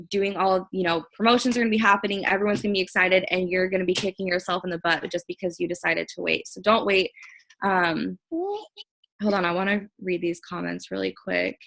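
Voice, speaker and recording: A woman's voice: lowish voice, vocal fry, fairly bright tone, a little hiss or hum, rough recording. A young woman on a video call, chatting earnestly and casually with lots of fillers, encouraging her team. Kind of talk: casual motivational chat.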